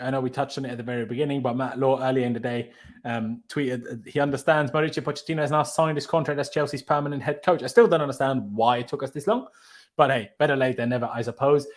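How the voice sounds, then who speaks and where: A man hosting a football fan livestream in casual chat, rambling and laughing often. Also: medium pitch.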